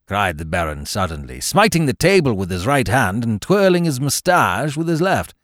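Animated male storyteller. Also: moderate pace, hardly any pauses, dry recording, clean studio sound. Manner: theatrical, highly animated storytelling. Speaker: podcast host and reader. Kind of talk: scripted narration of a classic tale.

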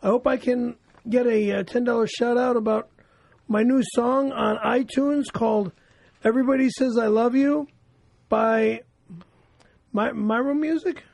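A man co-hosting a comedy podcast, loud and blunt, shouting profanely in erratic bursts. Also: extremely high pitch, steady tone, measured pace, vocal fry, no room sound. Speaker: podcast co-host.

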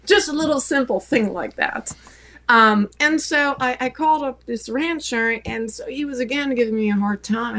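French woman guest telling a story, bit of fry in her voice, middle pitch, lots of "you know"s. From France. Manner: warm anecdotal storytelling with many fillers. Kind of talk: storytelling in a podcast interview.

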